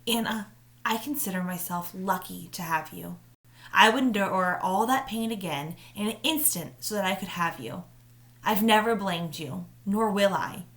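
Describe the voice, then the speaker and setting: A woman reading aloud, voicing a caring mother who comforts her daughter softly and turns firm when she insists. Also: mid-range voice, expressive, normal speed, lightly acted. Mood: tender. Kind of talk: read-aloud storytelling.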